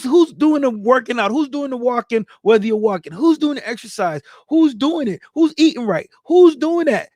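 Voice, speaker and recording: Man, high voice, dry close sound, hyped shout-outs, speech, casual livestream host. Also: dry recording. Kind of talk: casual livestream chat reading viewer comments.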